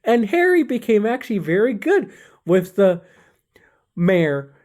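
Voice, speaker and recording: A woman's voice: mid-range voice, sing-song, unhurried, dark tone. A woman improvising a goofy fable in a loose, rambling way, stopping to fix herself and fill gaps as she goes. She tells it in a casual, unscripted manner. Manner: rambling, with restarts and fillers. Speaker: storyteller. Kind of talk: rambling improvised comic storytelling.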